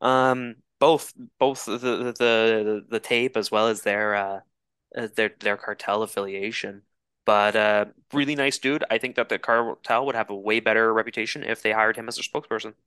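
A young man from Canada, a podcast co-host telling a rambling, animated story in casual chat, with frequent restarts and swearing. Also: on the low side, moderate pace, clear, resonant tone, dry recording, clean studio sound.

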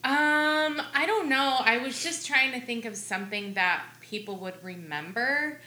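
A woman's voice: high voice, a little slow, bright, forceful tone, reverberant. A woman guest talking about her small business in an easygoing, slightly hesitant way. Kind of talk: casual interview chat.

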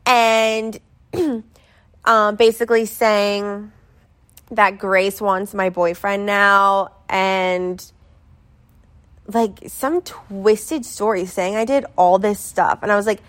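Young adult woman, casual storytime, rambling, filler-heavy, mid-pitched voice. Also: steady tone, slow pace, a bit bright.

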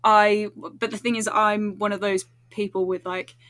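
A woman's voice: medium pitch, level tone, unhurried, a bit bright. A woman chatting as a podcast guest, bubbly and giggly. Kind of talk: casual podcast chat.

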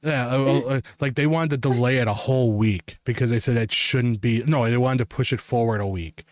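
A man's voice: medium pitch, brisk, no echo, studio quality. A young man hosting a podcast, telling a long story in casual, rambling chat full of filler words. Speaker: podcast host.

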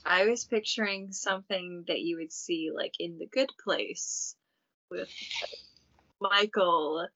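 A woman's voice: fairly low pitch, slow, pushed and bright, dry recording. A woman co-hosting a casual podcast, asking pointed questions and laughing easily. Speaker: podcast co-host. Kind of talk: casual chat. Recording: dry muffled lo-fi recording.

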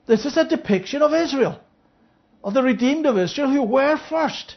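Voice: high-pitched, unhurried, long pauses. A Bible teacher leading an interactive study, checking in with listeners and acting out the parable's speakers. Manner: checks in with listeners, asking "Yeah?"; acts out the parable's speakers in lively voices. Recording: dull lo-fi recording.

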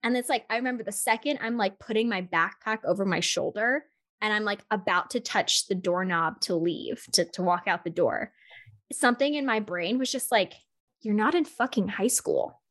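A young woman co-hosting a podcast who tells a story in a casual, animated way, with constant "like" fillers. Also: mid-range voice, moderate pace. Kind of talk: casual chat.

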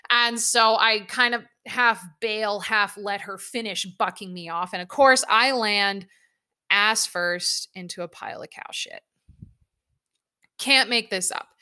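A young woman with a bright, forward tone recounts a personal anecdote in a relaxed, conversational way. She is candid and self-mocking and swears without hesitation. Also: medium pitch, slow, clear, resonant tone. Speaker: storyteller.

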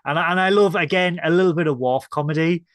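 A man's voice: fairly high pitch, fast, a bit bright. A man from the north of England, co-hosting a podcast review in casual chat and playfully acting out scenes. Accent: Northern English. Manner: playful, acts out scenes in mock voices. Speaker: podcast co-host.

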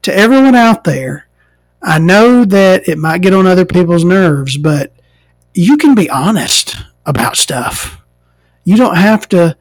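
A woman's voice: lowish voice, animated, unhurried, no echo. An American trans woman hosting a podcast, ranting casually and sarcastically with a lot of swearing. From United States, inland. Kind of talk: casual comedic rant monologue.

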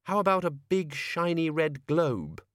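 A brisk young governess, as a man puts her on speaks curtly and impatiently, her voice lifted well above his own. She cuts others off with short, firm lines. It sounds like a dry, close storybook reading. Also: on the high side, lively intonation, fairly bright tone, no room sound, voice pushed up. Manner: curt, impatient.

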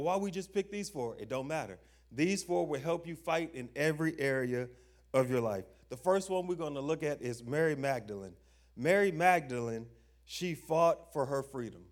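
A young adult man preaching a sermon, emphatic, asking the listeners questions and reading scripture slowly with stress. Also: on the high side. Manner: emphatic, call-and-response questions; slow stressed scripture reading, informal grammar.

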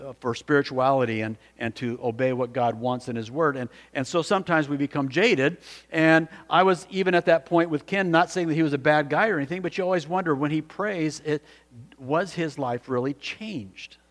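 A man preaching a sermon as pastor, telling a story in an earnest way and often restarting his sentences. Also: medium pitch. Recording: long hall reverb.

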